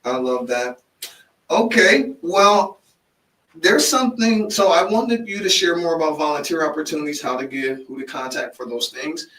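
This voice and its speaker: A man hosting a podcast interview in a casual, animated way, often affirming his guest. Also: a little high, normal speed. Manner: animated, frequent affirming "mm-hmm", restarts when excited. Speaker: podcast host and life coach. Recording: echoey room, mic at a distance.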